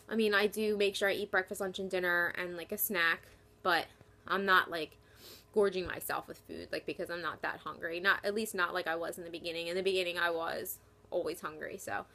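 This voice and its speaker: A woman's voice: mid-range voice, sharp tone. A young woman from New Jersey chatting casually in a pregnancy vlog, short of breath as she talks and filling her sentences with "like". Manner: chatty, lots of "like" fillers. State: short of breath while talking. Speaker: vlogger.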